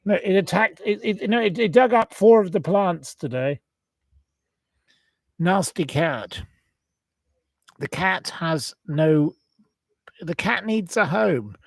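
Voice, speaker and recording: A man hosting a casual livestream talk, indignant and rambling as he jumps from complaint to apology. His voice sits a little high, and the recording is close and dry. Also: expressive, a little slow, vocal fry, no room sound. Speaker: channel host. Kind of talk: ranting livestream chat.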